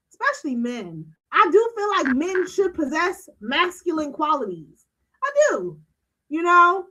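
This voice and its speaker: A woman's voice: extremely high pitch, bright, forceful tone, rough recording. A woman hosting a streaming talk show, ranting bluntly with a lot of swearing and emphatic delivery. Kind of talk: casual livestream commentary.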